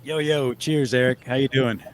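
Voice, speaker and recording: A man on a live stream panel, chatting in a relaxed way, swearing casually and laughing along. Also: mid-range voice, moderate pace.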